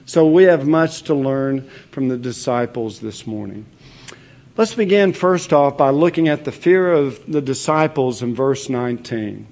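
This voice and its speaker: A man preaching a sermon as pastor, measured and earnest, with the odd filler as he explains a passage. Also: mid-range voice, a little mellow.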